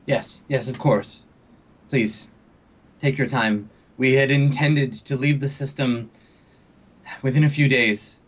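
A man's voice: medium pitch, steady tone, slow pace, long pauses. A man playing a stern, desperate woman fleet leader. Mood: polite, urgent. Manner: earnest, pleading.

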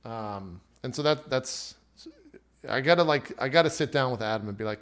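A man's voice: medium pitch, normal speed, fairly bright tone. A man chatting casually about playing a tabletop game character, enthusiastic and rambling and laughing often. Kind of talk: casual podcast chat.

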